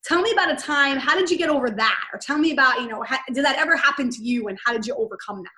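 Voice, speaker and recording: High-voiced woman host asking rambling questions. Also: very fast, sharp tone. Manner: rambling, rephrases her questions. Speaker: podcast host. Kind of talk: interview questions. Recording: echoey room.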